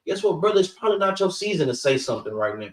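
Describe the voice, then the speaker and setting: A man with a high voice preaching scripture in loose street talk, who peppers every point with "guess what" and "man." He is recorded from across an echoey room. The sound is roomy and distant. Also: sing-song, rapid-fire. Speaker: teacher of a scripture class. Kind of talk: street-style Bible teaching.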